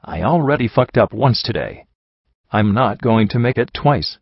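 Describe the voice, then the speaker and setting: A man's voice: mid-range voice, lively intonation, normal speed, vocal fry, slightly rough, dry recording. A man reading a storybook, voicing a jaded female pony security guard who speaks in a bored, blunt, profane way. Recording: dull dry recording.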